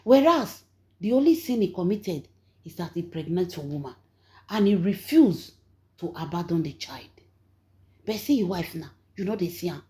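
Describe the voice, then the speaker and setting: Nigerian lady doing gossip commentary on her channel, lowish voice, preachy and emphatic. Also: animated, normal speed. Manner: emphatic, preachy, rising and falling in loudness. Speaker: channel host and gossip storyteller.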